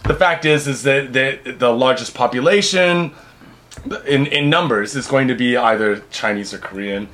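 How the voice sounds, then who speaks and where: A man's voice: mid-range voice, normal speed. A man co-hosting a podcast in casual chat, rambling through stories with lots of fillers and restarts. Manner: rambling, filler-heavy, animated storytelling. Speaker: podcast co-host.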